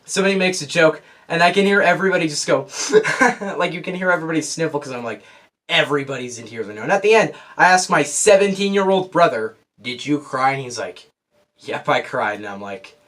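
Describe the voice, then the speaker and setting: A teenage boy giving a casual, rambling movie review, excitable and full of restarts. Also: fairly high pitch, fast talker. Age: teens.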